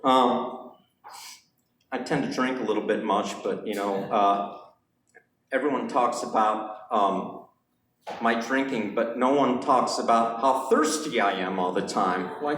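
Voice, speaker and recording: A young man doing a rambling stand-up set on a club stage, halting often with fillers and giggles. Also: mid-range voice, a bit bright, a little hiss or hum. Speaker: stand-up comedian. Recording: echoey club room.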